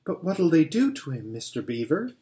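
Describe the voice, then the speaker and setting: A man's voice: on the high side, big pitch swings, moderate pace, dark tone, voice pushed up. A man reading aloud who voices a tender-hearted, anxious young girl in a pleading, urgent way. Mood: frightened.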